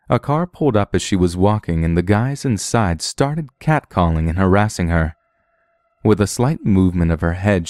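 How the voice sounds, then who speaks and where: Deep-voiced man narrating horror stories. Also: darkish tone, no echo, studio quality. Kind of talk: scripted horror story narration.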